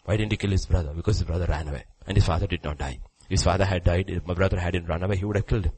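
A man preaching a sermon who swings between hushed, low passages and loud, high exclamations. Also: steady tone, rapid-fire, slightly rough, low-quality recording.

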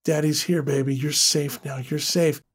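A man's voice: fairly high pitch, steady tone, moderate pace, breathy edge. Desperate dad at the end of his rope, strained urgent voice, narrator voicing him. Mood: tender hush. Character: desperate grieving father facing a monster.

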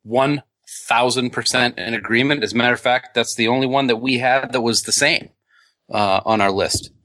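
A man's voice: medium pitch, normal speed, bright, forceful tone, no room sound. A man co-hosting a casual fan podcast, rambling with frequent ums and restarts. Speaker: podcast co-host.

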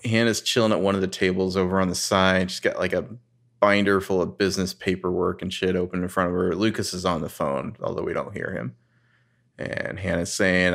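A man's voice: deep voice, steady tone, normal speed, creaky, fairly bright tone. A man co-hosting a casual podcast, recapping a TV episode and swearing freely. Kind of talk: casual chat.

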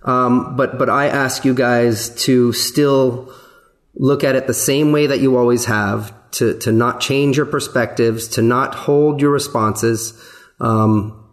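A man with an ordinary mid-range voice speaks earnestly on a podcast, choosing his words slowly. He fills pauses with ums and repeats words as he goes. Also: mid-range voice, steady tone. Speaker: executive producer of the podcast. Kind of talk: casual podcast discussion.

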